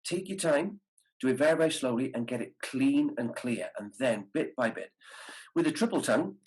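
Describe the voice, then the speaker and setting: Over a video call, a man leads a brass masterclass, patiently explaining tonguing and voicing the practice syllables aloud. His mid-range voice is expressive, fairly quick and breathy-edged, and the audio quality is poor.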